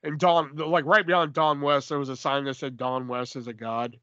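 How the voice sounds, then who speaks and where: A man co-hosting a podcast, chatting casually and profanely about wrestling, rambling and animated. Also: medium pitch, normal speed, no room sound, dull audio. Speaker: podcast co-host. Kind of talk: casual wrestling review chat.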